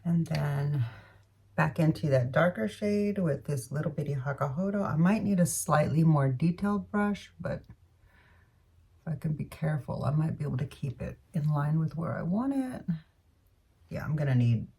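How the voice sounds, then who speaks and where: Low husky woman chatting through makeup. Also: expressive, normal speed, warm tone, far from the mic. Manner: rambling, self-correcting, murmured asides. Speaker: beauty vlogger. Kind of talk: casual makeup tutorial chat.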